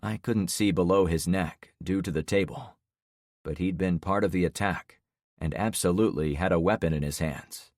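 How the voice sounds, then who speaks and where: A man reading a thriller audiobook in scripted first-person narration, tense and measured. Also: deep voice, darkish tone, dry recording, studio quality.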